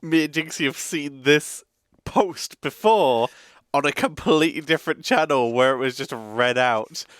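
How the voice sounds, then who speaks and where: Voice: medium pitch, unhurried, fairly bright tone, no room sound. A laid-back co-host of a meme reaction video who laughs often while chatting. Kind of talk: casual chat.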